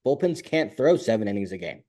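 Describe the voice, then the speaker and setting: A man co-hosting a casual sports podcast, talking in quick, opinionated bursts and jumping into high mocking voices now and then. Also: big pitch swings, mellow. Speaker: podcast co-host.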